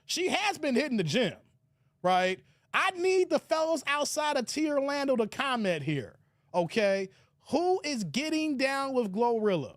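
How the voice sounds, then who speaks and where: A man hosting a casual livestream, reading chat comments in an animated way, with stuttered repeats and frequent laughter. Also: very high voice, a little slow, no echo, clean studio sound. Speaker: livestream host.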